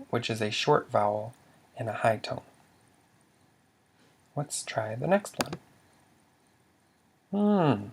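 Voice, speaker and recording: In this slow instructional language lesson, a man with a medium-pitched voice and vocal fry speaks at a moderate pace. He patiently quizzes the listener and sounds out example words.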